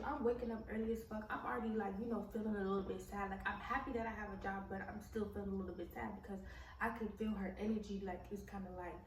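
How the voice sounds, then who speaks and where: A young woman telling a personal story in a casual vlog, blunt and full of swearing, with many "like" and "um" fillers. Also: medium pitch. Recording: roomy echo, mic at a distance, faint background noise.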